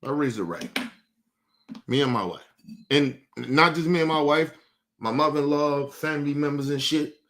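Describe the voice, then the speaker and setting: A man's voice: fairly high pitch, moderate pace, pauses often, a bit bright, a little hiss or hum. A man hosting a livestream, talking bluntly and profanely to his chat in a casual rant, repeating and restarting words as he gets heated. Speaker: livestream host.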